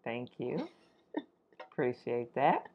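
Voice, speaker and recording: Low-voiced woman with a lively, swooping delivery. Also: slow, muffled recording, slight background noise. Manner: expressive, playful, laughs often. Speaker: podcast co-host. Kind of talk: casual chat, imagining the future.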